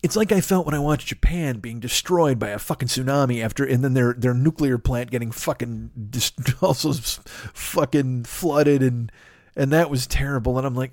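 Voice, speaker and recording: A man's voice: medium pitch, normal speed, darkish tone, dry recording, clean studio sound. A man hosting a podcast, talking in a rambling, profane, self-mocking comic monologue. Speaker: podcast host.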